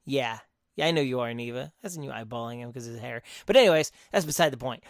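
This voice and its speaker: A young man co-hosting a metal podcast, reviewing albums off a list in a crude, rambling, self-mocking way, with loud bursts and quiet mutters. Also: medium pitch, expressive, quick pace, no room sound, studio quality. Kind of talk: casual solo segment, reading from a list.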